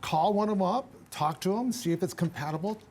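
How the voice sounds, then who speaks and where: An older man, a guest on a radio talk show, giving travel advice in an animated, emphatic way with frequent restarts. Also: sits high, a little fast.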